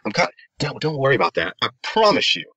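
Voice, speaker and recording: A man co-hosting a podcast in casual chat, animated and jumping up in pitch as he gets excited. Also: fast, no echo. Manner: animated, jumps high in pitch when excited. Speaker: podcast co-host. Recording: dull, dry lo-fi audio.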